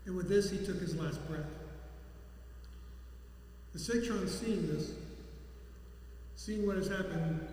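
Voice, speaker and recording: Male scripture reader, high-pitched and halting, recorded in an echoey hall. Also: a little mellow, slight background noise. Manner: halting, with restarts. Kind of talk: reading scripture aloud.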